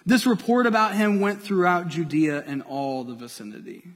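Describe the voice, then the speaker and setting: High-voiced male pastor in a reverberant church. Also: moderate pace. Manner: lively, playful, draws the congregation in. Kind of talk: sermon. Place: church sanctuary with a congregation. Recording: long hall reverb from a church.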